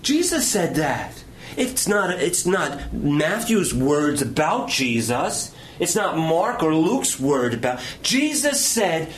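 A pastor delivers an impassioned, very animated sermon, taking it slowly. His high voice swings widely, climbing on emphatic lines and sinking to hushed near-whispers. Faint room ambience and slight background noise linger behind him.

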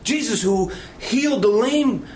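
High, lively-voiced male preacher. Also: slight background noise. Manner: impassioned preaching with dramatic pauses and dropping to near whisper. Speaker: pastor. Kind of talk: sermon.

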